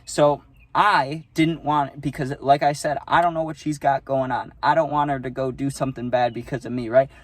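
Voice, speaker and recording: A man's voice: medium pitch, fairly even intonation, normal speed. A young adult man telling a casual storytime, rambling and profane, often tagging on "right?".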